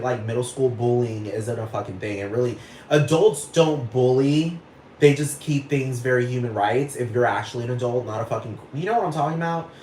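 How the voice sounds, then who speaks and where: Rambling, profane man in an echoey room. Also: medium pitch. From Texas, United States. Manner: rambling, profane, keeps asking if you follow. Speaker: podcast host. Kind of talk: casual monologue rant. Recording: echoey room with faint noise.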